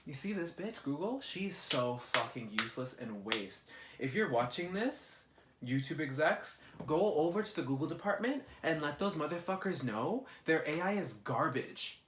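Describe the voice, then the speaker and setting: A young man, ranting in a vlog, animated and exasperated, swearing a lot. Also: a little high, normal speed, noisy background. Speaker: vlogger. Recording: roomy echo.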